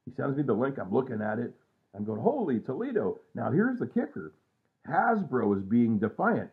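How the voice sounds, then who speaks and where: A man's voice: mid-range voice, very animated, moderate pace. A man in his sixties rambling casually and self-mockingly at home at night, trailing off with lots of fillers. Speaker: vlogger. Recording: tinny phone-like sound.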